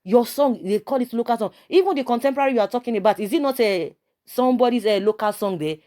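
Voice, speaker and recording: A woman's voice: a little high, quick pace, dark tone. A woman with a Nigerian accent giving passionate, preachy video commentary, full of rhetorical questions and stammered repeats.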